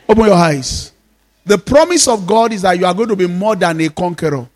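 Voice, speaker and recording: A male pastor with a Nigerian Yoruba accent, leading a fervent prayer sermon in repeated commands and switching between English and Yoruba. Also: high voice. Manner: declaring prayers in repeated commands, now and then shouting.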